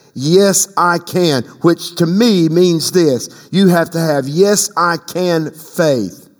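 An older pastor delivers an emphatic sermon, pausing to lead his congregation in call-and-response. His voice sits a little high for a man. It rings out with a long reverb, as in a large hall.

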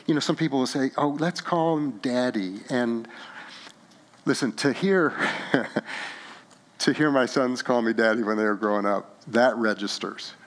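A middle-aged male pastor preaching a sermon, earnest and halting at first, then rising to fervent emphasis. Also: mid-range voice.

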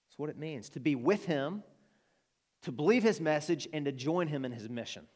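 Earnest Arkansas pastor preaching. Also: male voice, a little high, animated, normal speed, darkish tone. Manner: earnest, emphatic, rising to passionate appeals. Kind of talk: sermon. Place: church.

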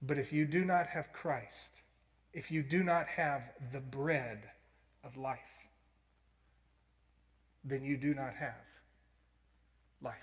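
A man preaching a sermon, telling stories earnestly and breaking into loud, emphatic bursts. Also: mid-range voice, steady tone, takes it slowly, long pauses, dull audio. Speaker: pastor. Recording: long hall reverb.

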